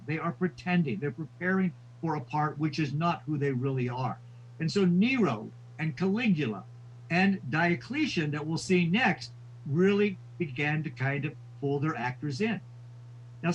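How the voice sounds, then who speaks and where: Husky, fairly high-voiced male lecturer, muffled lo-fi recording, storytelling delivery. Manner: storytelling with quoted voices, frequent fillers. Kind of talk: lecture on church history.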